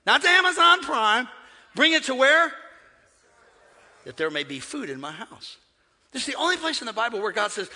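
A man preaching in a church with a high, brilliant voice that leaps all over its range. He swings from shouted declarations to hushed, joking asides with the congregation. A long reverb trails each phrase. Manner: humorous, conversational preaching. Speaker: pastor. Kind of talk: sermon. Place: church sanctuary.

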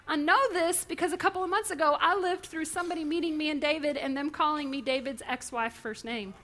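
A woman preaching an animated, impassioned sermon that leans on storytelling. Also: high voice, fast, hardly any pauses.

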